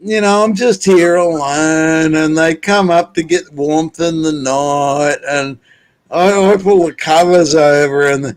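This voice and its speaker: A man with a notably high voice spins a slow, meandering tale, restarting his sentences and swearing freely as he goes. He talks casually from his desk at home, in an easy, unhurried chat. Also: smooth. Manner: rambling, profane storytelling.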